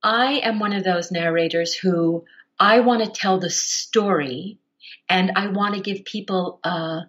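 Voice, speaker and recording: A woman audiobook narrator, a guest on a podcast, explaining her craft at length with expressive, shifting emphasis. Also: medium pitch, unhurried, muffled recording. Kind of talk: podcast interview answer.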